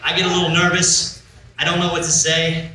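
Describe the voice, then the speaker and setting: A man's voice: a little high, completely flat delivery, brisk. A man doing a stand-up comedy set on a club stage, telling a story and acting out both sides of a conversation. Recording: roomy club, far from the mic, loud crowd noise. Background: audience laughter.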